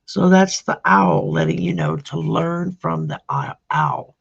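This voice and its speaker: Woman, tarot reader on a live stream, very gravelly voice, slow delivery, dull lo-fi sound. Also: on the low side. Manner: slow, chatty, greets viewers by name. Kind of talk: live-streamed card reading.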